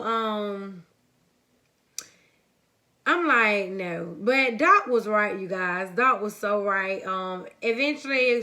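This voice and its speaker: Bright-voiced chatty young woman storyteller. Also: on the high side. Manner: lively storytelling, talks straight to viewers; casual and chatty, calls viewers honey and baby. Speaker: vlogger. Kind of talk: story time vlog.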